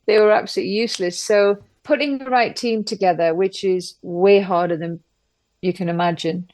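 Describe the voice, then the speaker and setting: Middle-aged English businesswoman, emphatic storyteller, steady mid voice, dry close mic. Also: medium pitch, no echo. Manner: brisk, emphatic storytelling with acted-out quotes. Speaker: interview guest, businesswoman. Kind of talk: candid conversational interview.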